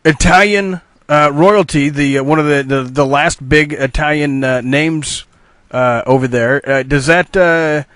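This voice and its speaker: A male interviewer asking questions in a halting way, pausing often with "uh". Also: a little high, steady tone, a bit bright, no echo. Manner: halting, fills pauses with "uh".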